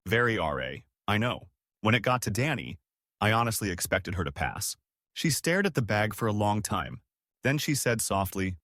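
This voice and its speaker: A man reading scripted stories aloud as a narrator, with a lively, dramatic storytelling delivery. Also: on the low side, moderate pace, no room sound, clean studio sound.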